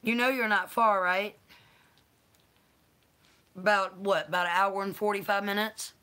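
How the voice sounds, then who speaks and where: Woman, unhurried, bright voice, affectionate live-stream host. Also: mid-range voice, steady tone. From North Carolina. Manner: affectionate, calls viewers honey and baby. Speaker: channel host. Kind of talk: live-stream chat, greeting viewers.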